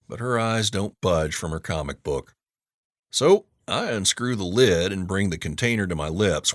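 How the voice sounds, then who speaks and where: A man narrating a romance audiobook in the first person, wry and gruff. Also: sits low, fairly bright tone, no room sound, clean studio sound.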